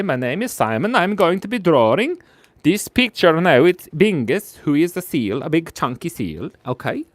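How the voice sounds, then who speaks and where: A goofy man hosting a live stream, his voice leaping around with lively, bouncing intonation. He chatters playfully to viewers while he draws. The sound is close and dry, with no room echo. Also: medium pitch. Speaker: live-stream drawing host. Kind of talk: casual live-stream chat while drawing.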